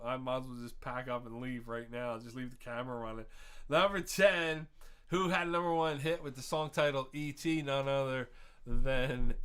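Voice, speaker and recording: A man's voice: mid-range voice, fairly bright tone, clear, resonant tone. Laughing, rambling quiz host, a man. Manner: laughs at his own jokes, rambling rants. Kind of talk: live-streamed quiz hosting with chatty asides.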